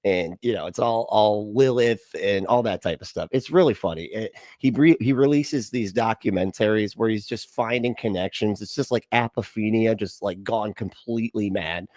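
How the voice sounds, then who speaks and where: Low-voiced wry male streamer. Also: normal speed, hardly any pauses, a little mellow, dry recording, clean studio sound. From lives in Florida. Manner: wry, rambling, laughing asides. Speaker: host. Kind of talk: casual reaction commentary.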